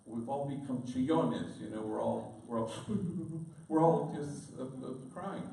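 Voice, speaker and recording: A man gives a public talk in a storytelling manner, dropping in Spanish words here and there. His voice has a gravelly edge. It sounds far from the mic and echoes around a big room. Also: mid-range voice, slow pace, warm tone. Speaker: priest giving a public talk. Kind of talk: storytelling speech. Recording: distant echoey room recording.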